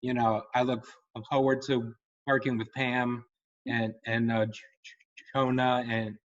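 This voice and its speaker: A man who stutters on repeated sounds and fills pauses with um and you know, sharing personal thoughts in a meeting. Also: mid-range voice, flat delivery, lo-fi sound. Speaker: meeting participant.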